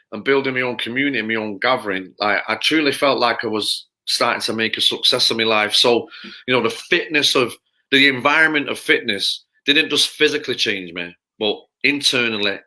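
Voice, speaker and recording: A man from Manchester talks as a podcast guest. His voice is very bright and sharp, and he rambles candidly, doubling back on words and acting out what others said to him. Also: mid-range voice. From Manchester, England. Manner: rambling, repeats words, acts out quotes. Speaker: podcast guest, personal trainer. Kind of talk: candid storytelling.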